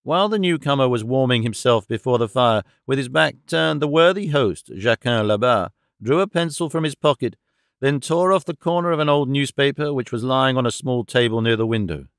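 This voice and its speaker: A man narrating a classic novel audiobook in an even, steady storytelling manner. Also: medium pitch, brisk, clean tone, no echo, studio quality.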